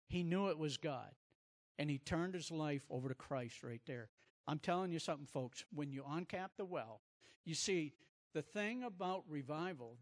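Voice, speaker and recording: A man preaching a sermon, telling personal stories with emphatic repetition. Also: fairly high pitch. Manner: animated storytelling, emphatic repetition.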